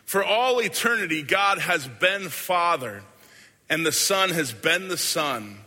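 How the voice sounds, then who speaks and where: A man preaching a sermon as a pastor, earnest and deliberate, often letting his lines fade softly at the end. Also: high voice, animated. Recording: hall with long reverb.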